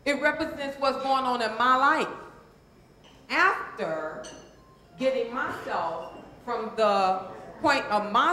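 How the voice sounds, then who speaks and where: A woman's voice: fairly high pitch, bright, forceful tone. A woman speaking as a transformational coach to a live audience, calling for responses and repeating phrases for emphasis. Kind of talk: motivational seminar talk to a live audience. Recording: very echoey hall.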